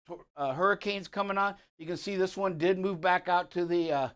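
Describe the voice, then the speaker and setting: A man's voice: sits high, fairly even intonation, fairly quick, fairly bright tone, clean tone. A man hosting a live talk show segment on trucking safety, talking loosely with lots of uh and um. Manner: loose, rambling, many fillers.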